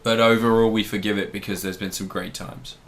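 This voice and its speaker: A man's voice: lowish voice, level tone, fairly quick, slight background noise. A young man co-hosting a podcast, rambling and joking casually as he reviews a show. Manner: rambling, jokey, swears casually. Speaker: podcast co-host.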